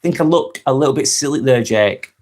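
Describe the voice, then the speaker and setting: A mid-range, animated male voice, fairly quick and a little mellow, comes with a bit of hiss or hum. The speaker is an Englishman with a Lancashire accent from North West England, hosting a casual live stream where he answers viewer comments, chuckles frequently and calls people mate.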